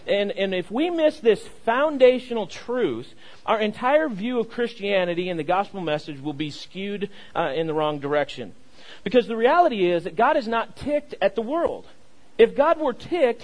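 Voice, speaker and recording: Male pastor, young adult, high voice, sermon delivery, repeats key phrases, frequent stammering restarts. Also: very animated, moderate pace, low-quality recording. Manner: repeats key phrases, leads the congregation in call and response.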